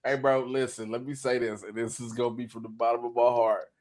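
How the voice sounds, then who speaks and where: A man co-hosting a casual podcast who cuts in with loud reactions and rambling mock-solemn asides. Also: mid-range voice, flat delivery, quick pace. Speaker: podcast co-host.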